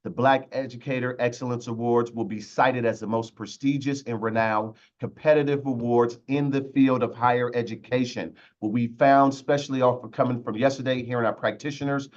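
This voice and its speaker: A man hosting a webinar with lots of energy, giving shout-outs in a loose, slangy way over a video call. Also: mid-range voice, steady tone, brisk, few pauses, lo-fi sound. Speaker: webinar host.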